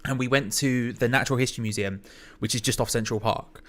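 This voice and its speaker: A man's voice: mid-range voice, fast talker. A man hosting a casual football watch-along, telling stories and laughing with slang-filled banter. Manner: lively, laughing, storytelling with slang. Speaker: podcast host.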